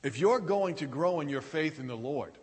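Guy preaching slow, kinda high voice, earnest, repeats himself, big echoey hall. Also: expressive, husky. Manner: earnest preaching with repetition and halting restarts. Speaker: pastor. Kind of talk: sermon.

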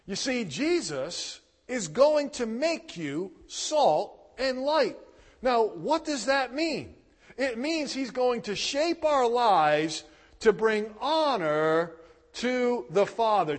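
Male pastor, lively swooping delivery, emphatic sermon storyteller, heard in a reverberant hall. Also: sits high. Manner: emphatic, animated storyteller, bursts of loud emphasis.

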